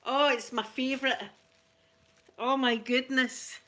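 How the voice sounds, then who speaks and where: A Scottish woman chatting through a gift unboxing at home, gushing and laughing easily, slipping between soft near-whispers and excited exclamations. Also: on the high side, slow pace. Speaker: ASMR vlogger. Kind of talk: casual unboxing chat.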